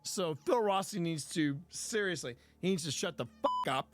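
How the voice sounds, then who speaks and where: A man's voice: high voice, sing-song, moderate pace, a bit bright, no room sound. A man hosting a live stream, chatting casually and rambling, with frequent restarts and casual swearing. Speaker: streamer host.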